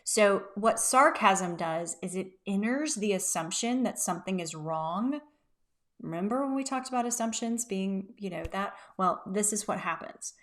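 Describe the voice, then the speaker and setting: A woman in her thirties talks straight to camera as a business coach. She tells stories from her own workplace in a casual, animated way and leans hard on emphatic asides. Her voice sits at an ordinary middle pitch for a woman. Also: moderate pace.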